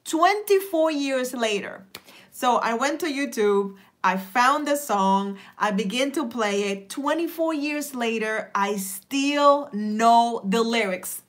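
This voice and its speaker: Woman, middle-aged, motivational speaker, emphatic, preacherly, fairly high voice. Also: lively intonation, a little slow, fairly bright tone. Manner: emphatic, preacherly, rhetorical questions. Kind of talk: motivational talk.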